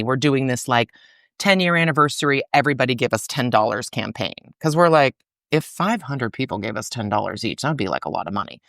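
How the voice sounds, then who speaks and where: A middle-aged woman talking as a podcast guest about her arts organization, in a chatty, animated way full of fillers. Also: extremely low pitch, dry recording, clean studio sound. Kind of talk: casual interview conversation.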